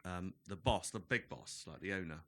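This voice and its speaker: A man's voice: low-pitched, moderate pace. A man in his thirties, telling anecdotes on a casual podcast, acting out the people he quotes and laughing often. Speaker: guest.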